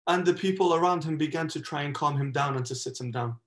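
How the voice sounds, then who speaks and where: Telling an impassioned story as a religious lesson, a shaykh mixes in Arabic religious phrases, his emphatic delivery rising and swelling with oaths. His voice is fairly high and fast, in an echoey, roomy space.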